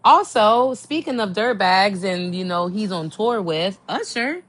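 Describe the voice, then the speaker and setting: Young adult woman podcast host, chatty and gossipy, unhurried, very expressive pitch. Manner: animated, gossipy, swooping exclamations. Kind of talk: casual chat.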